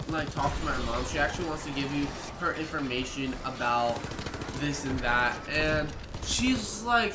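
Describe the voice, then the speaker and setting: A young man with a slightly high voice rambles through a casual storytime vlog and keeps slipping into quick impressions of the people he met. The recording sounds like it was made in an echoey room with steady background noise behind him. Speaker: vlogger. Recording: echoey room, noisy ambience.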